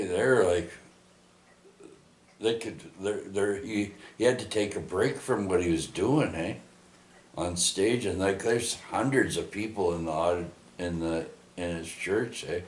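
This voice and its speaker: A man gives a rambling personal testimony, restarting often and tossing in tag questions like "eh" and "right." His voice is low, with a little hiss or hum in an echoey room.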